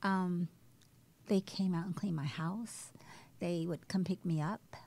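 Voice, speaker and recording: A woman guest telling her personal story in a candid, animated way, dropping to a hush at times. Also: on the low side, slow. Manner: candid, animated, shifts between loud and hushed. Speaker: guest, breast cancer survivor. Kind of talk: emotional personal testimony.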